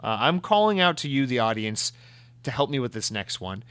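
A man's voice: medium pitch, a little fast, clean tone, no room sound. A man hosting a show and answering listener mail in a casual, profane, exasperated rant, slipping into mocking voices. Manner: animated, profane, exasperated ranting with mock voices. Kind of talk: casual ranting commentary.

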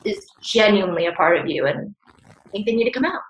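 A woman's voice: mid-range voice, expressive, quick pace, muffled recording, a little hiss or hum. A woman speaking as a podcast guest, earnest and open, with frequent casual fillers. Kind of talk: candid conversational interview. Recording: roomy echo.

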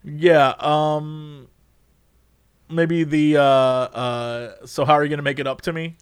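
A man's voice: on the high side, fairly even intonation, slow pace, clean tone, no room sound, studio quality. A young man hosting a casual chat, reading quiz questions aloud and joking about the answers, with some swearing. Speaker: host.

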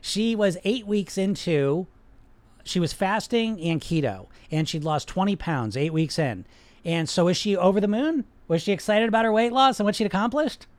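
A man with a high-pitched voice, recorded close and dry with no room sound. He coaches bluntly and emphatically, swears freely, and hammers his points with repeated words. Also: animated, normal speed, no room sound. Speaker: weight-loss coach and podcast host. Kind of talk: unscripted coaching monologue to a live chat.

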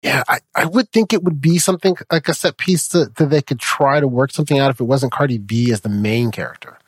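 A man hosting a podcast, chatting casually about a film, animated, restarting his sentences and tagging them with "right?". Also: mid-range voice, a little fast, husky, dry recording. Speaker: podcast host. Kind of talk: casual film review chat.

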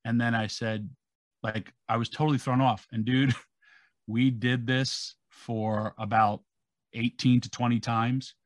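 A man's voice: mid-range voice, measured pace, dry recording. Dry-sounding man retelling a story. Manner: animated, acting out quotes. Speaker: podcast co-host. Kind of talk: casual storytelling.

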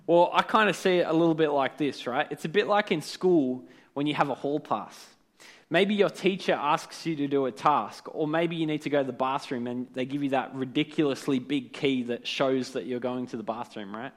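A man's voice: fairly high pitch, moderate pace. A man giving a casual devotional talk as a preacher, conversational and often checking in with tag questions.

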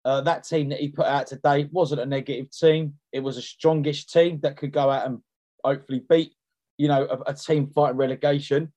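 A man's voice: fairly high pitch, fairly even intonation, brisk, warm tone. A man on a football podcast, blunt and heated, repeating himself as he vents. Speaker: podcast co-host. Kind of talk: casual football podcast chat.

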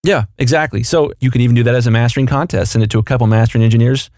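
A man's voice: medium pitch, steady tone, racing, a little mellow, no room sound, studio quality. A man co-hosting a podcast, explaining and coaching in casual chat. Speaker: podcast co-host.

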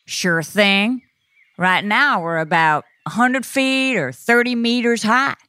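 A woman's voice: a little high, slow, bright, forceful tone, clean tone, dry recording. A woman playing an ornithologist guest, explaining facts in a friendly way on a kids' science show. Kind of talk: scripted educational dialogue.

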